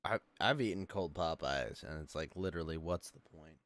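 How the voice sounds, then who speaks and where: A man's voice: very deep voice, normal speed, fairly bright tone, no room sound, clean studio sound. A young man hosting a casual online talk show, laid-back and chuckling often. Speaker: podcast host. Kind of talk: casual chat.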